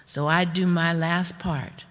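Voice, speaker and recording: A woman's voice: on the low side, fairly even intonation, a bit bright. Lady storyteller taking her time, chatty asides to the crowd, big echoey hall sound. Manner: unhurried, with spoken asides to the audience. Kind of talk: slow storytelling performance. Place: performance hall. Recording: reverberant hall.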